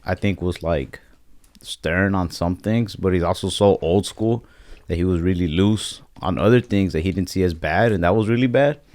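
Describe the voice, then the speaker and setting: A podcast host with a deep, low voice, rambling through anecdotes in relaxed conversation. The sound is dry and close, with no room echo. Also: male voice, normal speed. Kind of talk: casual chat.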